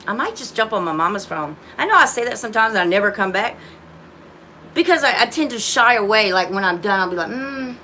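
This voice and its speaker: A woman hosts a loose, rambling livestream from her phone, often restarting her sentences and calling her viewers y'all. Her voice sits at a middle pitch. A faint hiss runs behind it. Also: sing-song, fast, sharp tone. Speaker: livestream host. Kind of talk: casual livestream chat.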